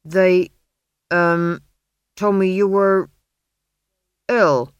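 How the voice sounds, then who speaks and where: A woman voicing a hesitant village blacksmith man who talks in a halting, unsure way. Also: on the low side, fairly even intonation, smooth, no room sound, highs cut off. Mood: flustered.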